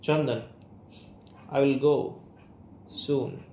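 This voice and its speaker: This is a withdrawn young writer pushing his family away, read by a young man. He speaks with an Indian English accent in a slow, gravelly, restrained voice. The recording is roomy, with faint background hiss. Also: mid-range voice, fairly even intonation, warm tone. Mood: defensive. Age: young adult. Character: young man, guarded, estranged son and writer. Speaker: student reader. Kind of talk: reading an audio play aloud.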